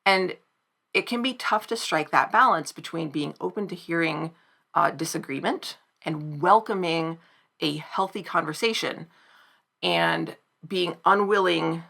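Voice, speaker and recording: Woman, reflective commentary, slow unhurried delivery, gravelly fry, bright edge to the voice. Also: sits low. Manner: thoughtful, measured, pauses to find words. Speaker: video essayist.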